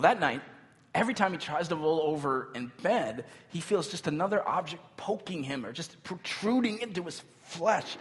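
A man preaching in a large hall where his voice rings out with a long reverb. His pitch swings widely as he tells a story, then he turns to the congregation with asides. He sounds like a pastor in his thirties. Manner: animated storytelling with asides to the audience. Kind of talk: sermon. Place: church hall.

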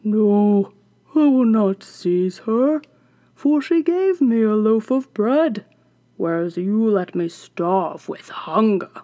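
A woman voicing a grateful, stubborn talking dog who firmly refuses an order, in a slow storybook reading. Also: mid-range voice, animated, warm tone. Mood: defiant. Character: loyal hungry farm dog, grateful and stubborn.

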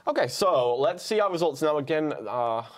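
A man's voice: fairly high pitch, animated, normal speed. A man co-hosting a live tech show, explaining a dictation demo step by step in an easygoing way.

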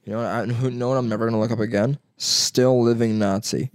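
A young man chatting casually with a buddy, cursing freely and slipping into mock voices for laughs. His pitch sits mid-range. The sound is dry and close. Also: fast talker, no room sound. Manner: swearing, joking, animated impressions. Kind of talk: casual chat.

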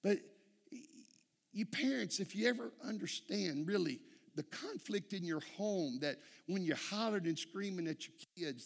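A man's voice: on the high side, vocal fry, big-room sound. A man preaching a sermon in a church, telling folksy stories and calling out "amen?" to the congregation. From Texas. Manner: folksy storytelling, frequent "amen?" calls to the congregation. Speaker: pastor.

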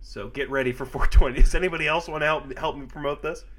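A man's voice: on the high side, fairly even intonation, fast, fairly bright tone, a little hiss or hum. A man co-hosting a podcast in casual chat, chuckling often and plugging upcoming shows. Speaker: podcast co-host.

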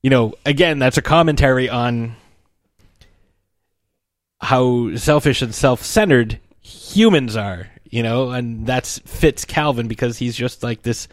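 A man talks in a relaxed, chatty way about comic strips, now and then jumping into the characters' lines. His voice sits at an ordinary pitch. The recording is close and dry, with almost no room sound. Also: measured pace, no room sound. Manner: animated storytelling, acts out the characters' lines.

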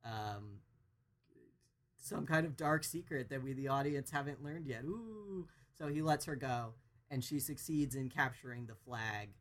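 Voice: mid-range voice, measured pace. Rambling podcast host recapping a show. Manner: rambling, lots of fillers and restarts. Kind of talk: casual recap.

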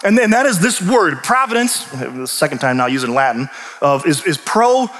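A man preaching a sermon, animated and emphatic, often restarting his sentences. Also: fairly high pitch, moderate pace. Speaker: pastor and teacher. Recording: long reverb of a large hall.

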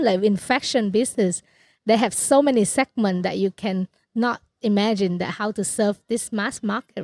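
A woman from Vietnam being interviewed as a startup mentor, her voice carrying a gravelly fry. She talks in loose, non-native English full of "like" and "so". The sound is dry and close, with no room behind it. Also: medium pitch, a little mellow, no room sound. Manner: chatty, explains with many "like" and "so" fillers. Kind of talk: conversational interview.

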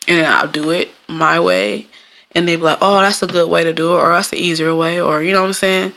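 Chatty, profane woman with a gravelly low voice. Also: steady tone, a little fast, a bit bright. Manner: chatty, profane, laughs often, slips into high mocking voices. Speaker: cook and baker telling stories. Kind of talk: casual storytelling monologue.

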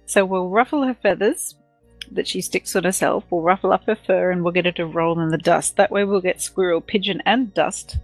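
A woman's voice: on the low side, moderate pace, no room sound, soft background music, low-quality recording. A woman player in a tabletop game, chatting playfully and giggling often. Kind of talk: casual tabletop game chat.

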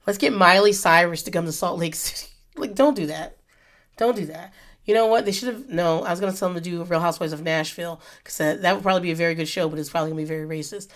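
Talking very fast in a fairly low voice, a woman in her thirties hosts a solo podcast on a podcast microphone. She chats casually, swears a lot, rambles, and keeps veering off on tangents.

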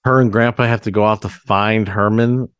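A man co-hosting a podcast in a casual chat, talking in a relaxed, rambling way. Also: lowish voice, normal speed, smooth, no room sound, clean studio sound. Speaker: podcast co-host.

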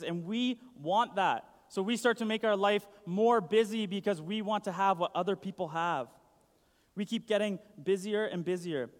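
A young man giving a casual sermon, chatty and full of "like". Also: sits high. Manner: chatty, uses "like" a lot. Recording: long hall reverb.

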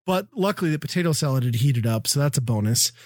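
A man's voice: mid-range voice, animated, fast, darkish tone, no echo, clean studio sound. A middle-aged man from the Midwest telling a profane, exasperated story in casual chat. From American Midwest.

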